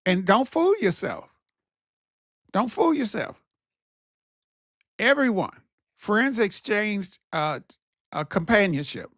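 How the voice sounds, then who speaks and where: A man's voice: sits high, expressive, takes it slowly, long pauses, fairly bright tone, no room sound, studio quality. A man hosting his own talk show, speaking in a casual, preachy monologue that repeats its key phrases. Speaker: podcast host.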